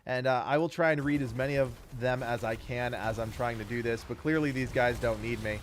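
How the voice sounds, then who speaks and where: A man's voice: mid-range voice, fairly even intonation, a little hiss or hum. A man streaming a game live, chatting casually and reading out where his viewers are tuning in from. He has kids. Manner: upbeat, reads viewer names in a quick rattled list. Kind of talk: casual live-stream chat while gaming.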